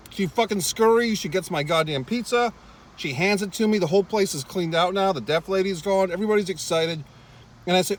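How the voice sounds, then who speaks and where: Eating in his car, a male vlogger rants casually to his viewers, swearing often and drifting into wry, rambling asides. His high voice is animated and fairly quick.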